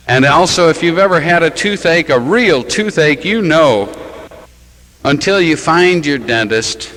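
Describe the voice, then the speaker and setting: A man's voice: a little high, expressive, a little slow, a bit bright, rough recording. A man who is a Catholic priest, preaching a sermon in a church with rhetorical questions and wry, self-mocking asides.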